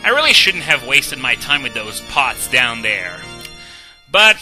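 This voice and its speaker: A young man does casual let's-play commentary, chatty and self-deprecating, with plenty of "uh"s and "um"s, while video game music plays. His medium-pitched voice is sing-song, a bit slow, pushed and bright, and the audio is poor.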